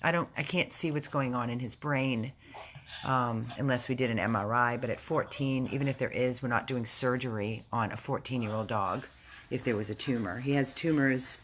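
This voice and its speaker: Woman rescue volunteer, very deep voice, emotional and halting delivery, casual video update. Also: slight background noise. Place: rescue house, indoors.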